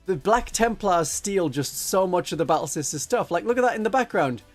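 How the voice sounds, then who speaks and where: A man's voice: high-pitched, animated, a little fast, soft background music. A man chatting casually on a livestream, joking and now and then slipping into silly voices. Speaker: streamer.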